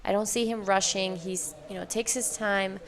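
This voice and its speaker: A woman's voice: mid-range voice, fairly even intonation, normal speed. A woman co-commentating a surf contest live, describing each wave fluently and in detail.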